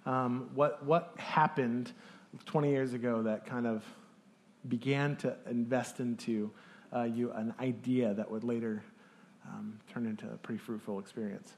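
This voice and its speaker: A man's voice: medium pitch, steady tone, unhurried, a little mellow, a little hiss or hum. A man preaching a sermon as pastor, talking in a casual, conversational way with fillers.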